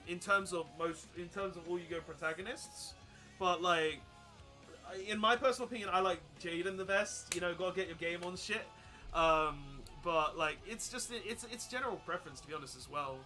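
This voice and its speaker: A young man chatting casually while streaming a card game, rambling and breaking into loud excited outbursts. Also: high-pitched, moderate pace, faint music behind. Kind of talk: casual live-stream commentary while playing.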